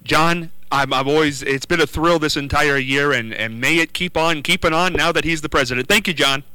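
Radio host: a man, bright and forceful, stumbles over his words, dry studio sound. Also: on the high side, brisk, clear, resonant tone, no echo, low-quality recording. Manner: stammering, effusive. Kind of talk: local radio talk show.

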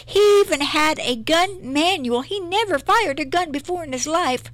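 A woman's voice: very high-pitched, lively intonation, moderate pace, a bit bright, dry recording. A middle-aged woman minister giving an earnest, emotional personal testimony in an interview, often repeating herself.

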